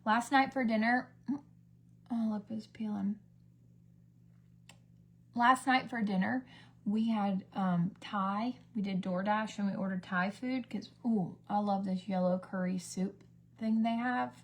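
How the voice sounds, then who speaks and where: She speaks a little slowly in a medium-pitched voice, a beauty vlogger doing her makeup live. The get-ready-with-me chat is rambling and talkative, drifting between stories and now and then falling to a whisper.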